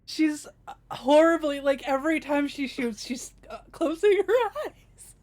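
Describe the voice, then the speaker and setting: A woman's voice: high voice, measured pace, darkish tone, no room sound. A woman playing in a live-streamed tabletop role-play, reacting with amused questions and laughter. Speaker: player. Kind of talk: casual role-play chat.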